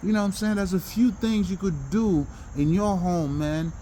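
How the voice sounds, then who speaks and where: A man talking in a casual, rambling monologue about self-improvement, animated and profane, with many restarts and bursts of laughter. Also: sits high, normal speed, a little hiss or hum. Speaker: self-help talker.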